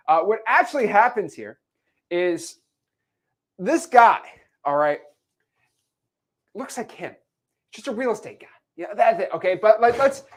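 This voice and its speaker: A young man teaching a real estate lesson at a whiteboard, animated, checking in with his listeners often and acting out characters in put-on voices. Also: high voice. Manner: animated, explains with repeated check-ins.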